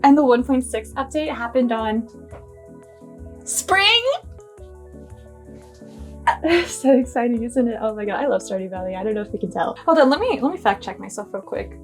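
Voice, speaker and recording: Young woman vlogger, high bright-toned voice, gushing and giddy, soft music under her talk. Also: fast. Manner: bubbly, gushing, squealing with delight. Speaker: cooking vlogger. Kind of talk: casual excited vlog chat.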